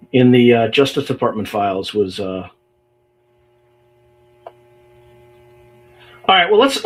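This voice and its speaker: A man's voice: a little high, a bit bright. A man hosting a livestream podcast, talking casually and reading emails aloud with exasperated, sarcastic asides. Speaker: podcast host.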